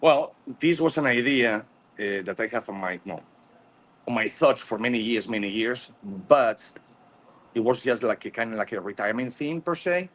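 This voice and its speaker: A man being interviewed about his business, speaking haltingly with many pauses and "uh"s. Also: medium pitch, expressive, a bit bright. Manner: halting, searching for words with many "uh"s. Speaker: cigar lounge owner, guest. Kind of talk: casual interview.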